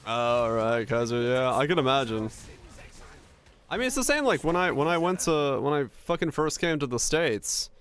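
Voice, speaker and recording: Young finnish guy on stream, swears a lot, laughs, tells stories fast and loose, mid pitch. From Finland. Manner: profane, animated storytelling, laughs often. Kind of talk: casual chat with stream chat.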